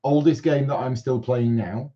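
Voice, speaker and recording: A man's voice: medium pitch, steady tone, moderate pace, dark tone. A man hosting a board game stream, easygoing in casual chat, often giving short agreeing replies. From Devon, England. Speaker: channel host. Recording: dull lo-fi stream audio.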